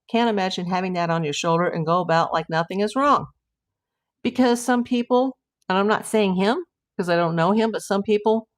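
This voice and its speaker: A middle-aged woman hosting a casual livestream, chatting and reading viewer comments aloud in a rambling way. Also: fairly low pitch. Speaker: livestream host.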